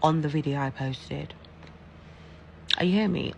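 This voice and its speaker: A woman's voice: low voice, normal speed, gravelly. A woman with an English accent telling a casual, chatty story-time in an emphatic, gossipy way. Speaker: social media storyteller.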